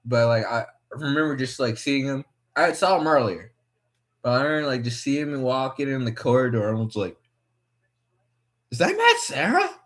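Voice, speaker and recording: A man's voice: mid-range voice, fairly quick. Rambling young man, swearing freely. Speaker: podcast host watching fights. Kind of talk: rambling casual commentary.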